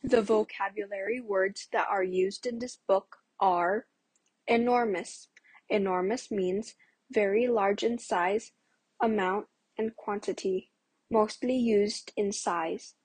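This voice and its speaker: A woman reads vocabulary words and their definitions for a children's podcast, slowly and deliberately. Her voice is breathy and sounds dry, with no room echo. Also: medium pitch, fairly even intonation, darkish tone. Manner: slow, careful reading. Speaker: podcast co-host. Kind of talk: reading word definitions.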